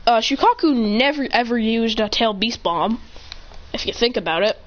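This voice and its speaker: A woman improvising a fan story while gaming, rambling, correcting herself and getting excited as she jumps between characters' lines. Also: fairly high pitch, moderate pace, a little hiss or hum. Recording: dull lo-fi recording.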